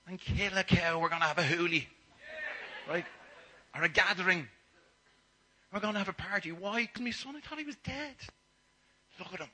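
A man's voice: high-pitched, steady tone, moderate pace, pauses often, sharp tone, slight background noise, pitched above the performer's own voice, low-quality recording. A man voicing a loving older father, exuberant and calling out in joy. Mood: overjoyed. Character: loving older father, overjoyed at his son's return.

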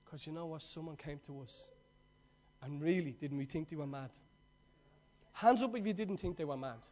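A man preaching a sermon, swinging between loud, excited storytelling and hushed, earnest talk, with a conversational, slangy manner. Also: on the high side, moderate pace.

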